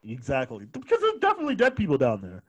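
Here a young male podcaster rambles through casual stories at a quick pace, laughing frequently. His mid-range voice swings hugely in pitch, and despite the close studio mic, the audio is poor.

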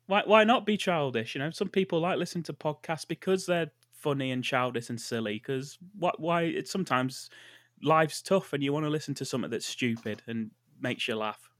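Jokey British podcast co-host. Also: male voice, fairly high pitch, a little fast, fairly bright tone, no room sound, studio quality. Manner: jokey, defensive banter. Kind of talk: casual chat.

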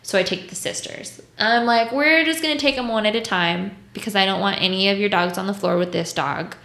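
A woman's voice: mid-range voice, a little fast, vocal fry, fairly bright tone. A woman who works as a mobile dog groomer, telling stories in a blunt, profane, casual way and acting out other people's voices. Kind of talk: casual storytelling chat. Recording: roomy echo.

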